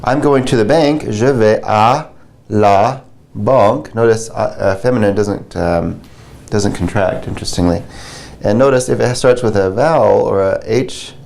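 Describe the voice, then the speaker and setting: A man's voice: fairly low pitch, normal speed, vocal fry, darkish tone. A man teaching beginner French grammar in a patient, conversational way, repeating and explaining examples.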